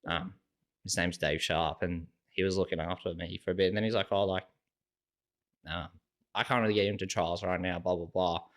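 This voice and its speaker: With a low voice at normal speed, a young Australian man tells stories casually as a podcast guest. He acts out other people's words in a relaxed, animated manner, and nearly every sentence contains "like".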